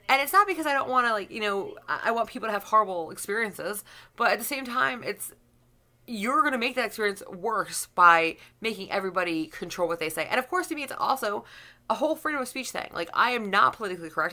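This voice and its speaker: A woman's voice: medium pitch, pushed and bright. A woman YouTuber giving a blunt, profane opinion rant to camera, rambling with restarts.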